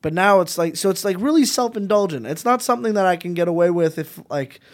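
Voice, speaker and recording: A comedian from Montreal chatting as a podcast guest, telling animated, rambling stories with lots of restarts. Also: male voice, sits high, quick pace. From Montreal, Canada. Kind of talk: casual podcast chat.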